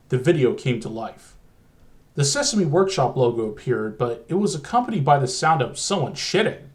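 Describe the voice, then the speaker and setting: Exasperated, swearing male storyteller. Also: a little high. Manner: profane, exasperated. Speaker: story narrator. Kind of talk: comedic horror story narration.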